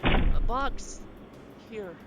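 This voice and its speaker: A woman's voice: extremely slow, noisy background. A woman voicing an awkward, apologetic young newcomer in a video game. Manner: hesitant, apologetic. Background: loud game music.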